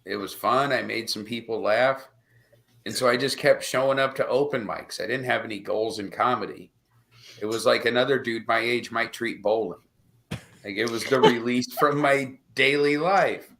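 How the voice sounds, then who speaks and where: A stand-up comedian guesting on a podcast, trading sarcastic jokes in a wry, deadpan way. His voice has a bright, forward edge and sits at a medium pitch. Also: normal speed, gravelly. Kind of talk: casual podcast chat.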